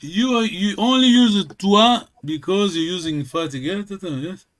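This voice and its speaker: A man's voice: high voice, moderate pace. A man teaching a language lesson, patiently correcting and repeating with many fillers.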